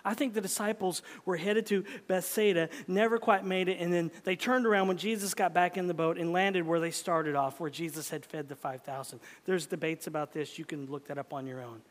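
A man preaching a sermon as pastor, swinging from loud urgent pleading to soft, whispered tenderness. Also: sits high. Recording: long hall reverb.

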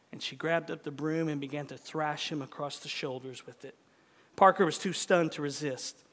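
A man preaching a sermon, reading a story aloud with dramatic swings from loud lines to hushed ones. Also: fairly high pitch, fairly even intonation, normal speed. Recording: long hall reverb.

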